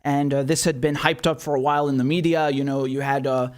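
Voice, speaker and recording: A man's voice: mid-range voice, little pitch movement, a little fast, clear, resonant tone. A man hosting a political commentary show, ranting with anger and profanity, often repeating himself, then mocking headlines sarcastically. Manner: angry, profane, repetitive ranting.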